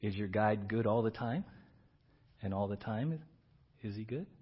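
A middle-aged man preaching a sermon, telling a story and acting out shouted commands with rising pitch and volume. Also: measured pace, husky. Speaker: pastor. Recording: dull, slightly lo-fi church audio.

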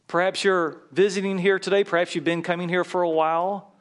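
A man's voice: high voice, flat delivery, fairly quick. A man preaching a sermon as a pastor in a church, leading his congregation in call-and-response and prayer.

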